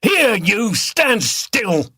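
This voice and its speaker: A man putting on an angry shouting beater. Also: high-pitched, wildly swooping pitch, very slow, slightly rough, no echo, pitched above the performer's own voice, full character voice.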